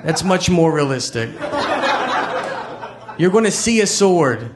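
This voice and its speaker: A man's voice: on the high side, sing-song, slow pace, noisy background. A man doing stand-up comedy with a wry, matter-of-fact delivery. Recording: comedy club with crowd laughter. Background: audience laughter.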